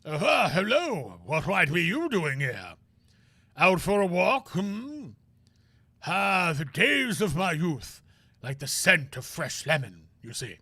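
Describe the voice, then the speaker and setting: A man's voice: high voice, sing-song, slow, pushed and bright, breathy edge, no room sound, full character voice. A man voicing a pompous elderly male lawyer who rambles wistfully.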